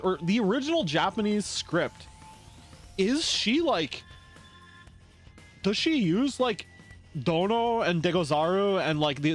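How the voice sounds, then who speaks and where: Young man, lively streamer chatter, high-ish voice, faint game music behind. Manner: rambling, animated, many filler words and restarts. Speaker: streamer playing a visual novel. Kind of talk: casual let's play commentary, reading dialogue aloud.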